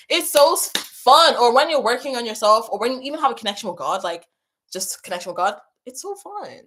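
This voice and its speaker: Effusive woman streaming live. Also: on the high side. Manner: effusive and passionate, repeats herself, shouting out viewers. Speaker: spiritual coach and livestream host. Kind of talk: casual livestream chat reading out comments.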